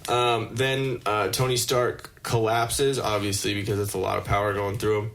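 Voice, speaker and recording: A man co-hosting a podcast, talking excitedly and swearing a lot as he recaps a movie and acts out its lines. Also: fairly low pitch, normal speed, vocal fry, slight background noise. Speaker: podcast co-host. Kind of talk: casual chat.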